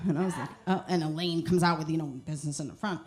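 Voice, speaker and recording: On a comedy club stage, a woman comedian with a deep voice talks fast over a noisy background. She rambles through profane stories, starting sentences over and playing out the dialogue.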